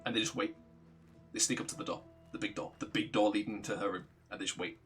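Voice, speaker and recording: A man casually recounting a tabletop game session, animated, swearing freely and laughing often. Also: lowish voice, quick pace, soft background music. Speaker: streamer recounting a tabletop campaign. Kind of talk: casual storytelling.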